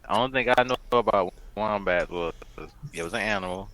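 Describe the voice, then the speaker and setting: A man's voice: fairly low pitch, a little fast, a bit bright, rough recording. A man co-hosting a casual podcast chat, talking emphatically. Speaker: podcast co-host.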